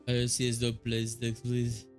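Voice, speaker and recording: A man's voice: mid-range voice, completely flat delivery, moderate pace, faint music behind. A man streaming a video game, musing aloud in casual commentary with self-corrections.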